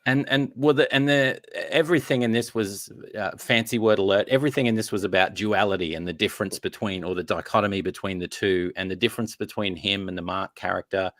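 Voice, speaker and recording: A man with a lowish voice co-hosts a relaxed podcast conversation. He picks his words haltingly and restarts often. His voice sounds close and dry, with no room around it. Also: no echo. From Australia. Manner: hesitant, many restarts and fillers. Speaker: podcast co-host. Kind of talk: casual chat about a TV series.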